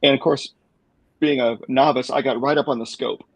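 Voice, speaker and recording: A man's voice: medium pitch, fairly even intonation, normal speed, no echo, rough recording. A man hosting a podcast, telling a long rambling story with chuckles along the way. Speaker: podcast host.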